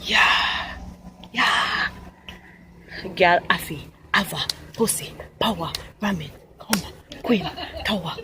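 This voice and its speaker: A woman's voice: lowish voice, takes it slowly, pauses often, noisy background. A young woman vlogging casually, ranting bluntly and profanely and slipping into patois-style slang. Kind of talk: casual vlog and rant to camera.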